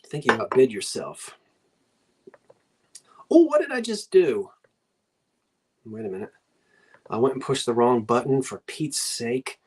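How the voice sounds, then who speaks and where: A woman's voice: extremely low pitch, big pitch swings, a little slow, long pauses, darkish tone, slightly rough. An older woman with a New Jersey accent, hosting a live online antiques sale in a chatty, rambling way, talking to herself and her viewers as she goes.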